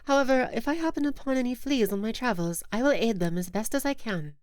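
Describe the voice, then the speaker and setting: A woman voicing a stern, solitary female warrior, speaking in a cool, measured, formal way and dropping lower than her own voice. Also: lively intonation, a little mellow, no room sound, clean studio sound, close to an everyday voice. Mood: reserved.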